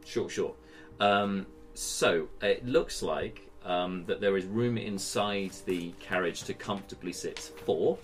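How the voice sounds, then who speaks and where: A man narrating as game master, halting and full of fillers. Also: sits low.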